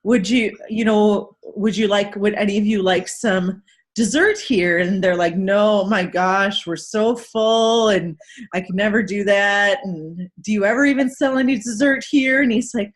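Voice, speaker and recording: A woman hosting a casual recap chat, telling a story in an animated way and acting out the people in it. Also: medium pitch, a little slow. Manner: animated storytelling, acts out quoted people, laughs often.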